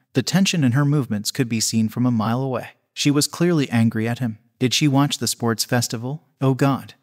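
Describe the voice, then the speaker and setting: A man reads a fan fiction story aloud as its narrator, keeping a steady, even delivery. His voice sits at an ordinary middle pitch for a man. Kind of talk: scripted narration.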